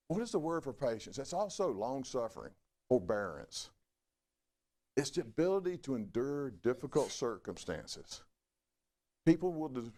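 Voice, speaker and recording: A middle-aged man preaching a sermon in a folksy, conversational way. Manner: folksy, conversational preaching with lively swings in pitch. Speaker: pastor.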